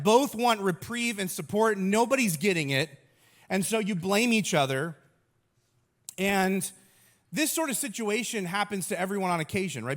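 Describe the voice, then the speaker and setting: A man in his thirties giving a humorous sermon as a pastor, telling stories in an animated, self-mocking way. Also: high voice.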